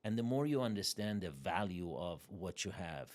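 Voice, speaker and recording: A man's voice: low-pitched, expressive, moderate pace, a little mellow. A man hosting an interview, speaking emphatically in a motivational way and often asking "right?". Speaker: podcast host. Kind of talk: casual interview talk.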